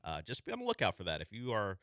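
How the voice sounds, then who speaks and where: A young man hosts sports talk radio in loose, animated banter, his voice sitting low but leaping around in pitch. The tone is bright and forward. The studio sound is dry and close. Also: quick pace, no echo. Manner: animated, breaks into a squeaky voice when mimicking. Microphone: studio microphone.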